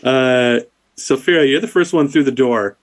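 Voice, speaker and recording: Brief: male game master with a mid-pitched voice, relaxed and rambling. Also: a little slow. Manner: relaxed, filler-heavy description. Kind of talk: narrating a tabletop game.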